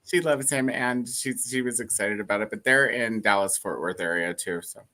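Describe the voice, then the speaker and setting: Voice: mid-range voice, moderate pace, bright, forceful tone. A casual speaker from Central Texas, chatting in a folksy, easygoing way. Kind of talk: casual chat.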